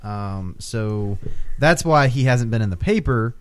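Podcast co-host, male, mid pitch; the explainer of the group. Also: animated, unhurried, smooth. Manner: storytelling, explains and corrects others. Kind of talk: casual banter.

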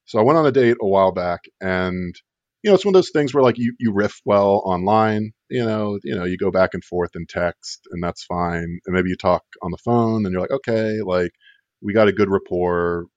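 In a brisk, low voice, a man casually rambles through a funny story, wry and full of fillers. The sound is dry, dull and lo-fi.

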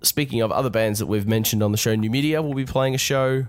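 A man hosting a podcast, talking casually in a congested, nasal voice from a cold, relaxed and rambling with restarts. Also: medium pitch, fast. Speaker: podcast host.

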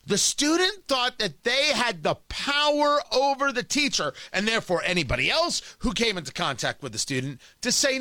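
A man's voice: very high voice, sing-song, moderate pace, hardly any pauses, pushed and bright, dry recording. A man delivering an emphatic opinion monologue as a talk host, often repeating words as he builds a point.

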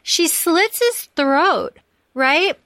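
A woman hosting a podcast, talking casually in an animated, profane way, with lots of fillers and restarts. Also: very high voice, drawn-out words, no room sound. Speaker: podcast host. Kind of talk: casual chat.

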